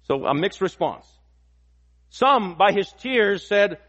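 High-voiced man preaching a sermon. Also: animated, measured pace, a bit bright, muffled recording. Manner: emphatic, repeats key phrases. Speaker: pastor. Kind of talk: expository sermon.

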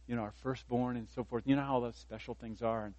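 A man's voice: mid-range voice, fairly even intonation, fast talker, darkish tone, dry recording, dull audio. Dry-sounding male pastor preaching. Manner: conversational preaching, rising for emphasis, self-deprecating humor. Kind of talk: sermon.

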